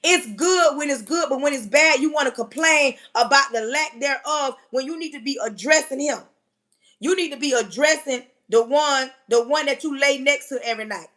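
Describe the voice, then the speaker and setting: Woman, high voice, blunt livestream advice, preachy and scolding. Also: normal speed, fairly bright tone. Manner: preachy, scolding, streetwise talk to her viewers. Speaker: livestream host.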